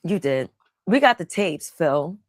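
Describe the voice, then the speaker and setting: Lively teasing woman, dry close sound. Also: lowish voice, measured pace, no room sound. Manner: animated, teasing, slangy. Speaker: stream co-host. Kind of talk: casual banter.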